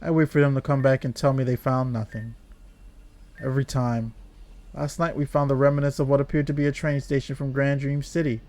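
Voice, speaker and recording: A man reading game dialogue aloud as a despairing young woman trapped in an endless world, in a flat, quiet, brooding way. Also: medium pitch, a little fast, close to an everyday voice.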